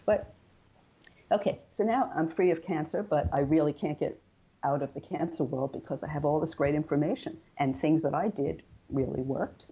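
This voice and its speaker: An older woman, a guest in an interview, shares her personal story in a chatty, animated way, acting out quoted dialogue. Her voice sits low and is slightly rough, at a normal speed, and the sound is lo-fi.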